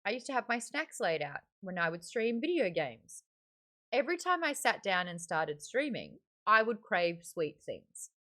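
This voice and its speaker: A woman's voice: medium pitch, sing-song, normal speed, bright, forceful tone. An Australian woman hosting a live-streamed book club, chatting candidly with lots of fillers. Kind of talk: casual live-stream chat.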